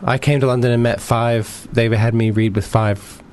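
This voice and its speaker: A man in his fifties with an American accent, an actor guest chatting in a relaxed, joking, slightly cheeky way. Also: mid-range voice, moderate pace. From United States. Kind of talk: casual interview chat.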